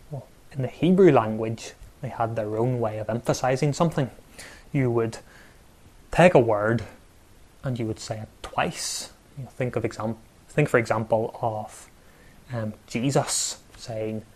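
Guy preaching real slow, leans hard on repeated words, mid pitch. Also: a little mellow. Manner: measured, emphatic preaching with pauses and repetition. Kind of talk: sermon.

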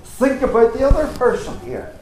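A man's voice: extremely high pitch, very animated, moderate pace, darkish tone, slight background noise. Male preacher, earnest and emphatic, rhetorical questions; echoey church with faint ambience. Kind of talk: sermon.

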